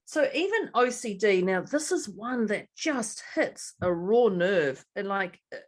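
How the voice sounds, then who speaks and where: A woman co-hosting a casual podcast and working as a coach, telling stories with lively acted-out dialogue. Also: medium pitch, unhurried. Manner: animated storyteller acting out dialogue.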